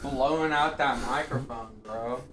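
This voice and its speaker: A man's voice: medium pitch, unhurried, noisy background. A young man co-hosting a podcast, teasing his friends in crude, profane banter. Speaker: podcast co-host.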